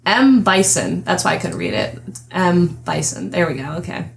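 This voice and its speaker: A woman's voice: lowish voice, sing-song, moderate pace, vocal fry, a little hiss or hum. Giggly, chatty young woman podcast host. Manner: chatty, giggles often, trails off and restarts. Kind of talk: casual chat.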